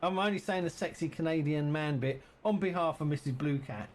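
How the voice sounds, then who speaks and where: A man's voice: on the high side, fairly quick. A man chatting casually and teasingly with viewers while streaming a farming game.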